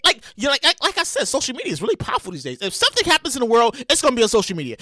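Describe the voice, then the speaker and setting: A man hosting his own podcast, talking casually in a rambling, profane, animated way. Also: very high voice, very fast, no room sound, studio quality. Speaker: podcast host. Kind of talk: casual solo commentary.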